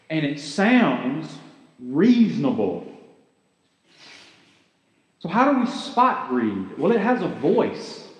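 Pastor, man, unhurried earnest sermon delivery, lively pitch, echoey church hall. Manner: earnest, conversational preaching with rhetorical questions.

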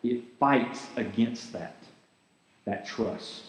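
A man's voice: mid-range voice, very slow, echoey room, in a large hall, poor audio. A man giving a sermon as pastor, earnest and conversational, asking his listeners rhetorical questions.

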